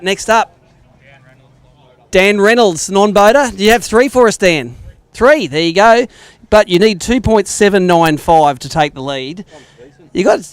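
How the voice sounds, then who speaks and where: A man's voice: sits high, smooth. An Australian man hosting a live fishing weigh-in outdoors, joking and bantering with the anglers as he reads out the weights. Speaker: tournament weigh-in host. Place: outdoor lakeside weigh-in stage.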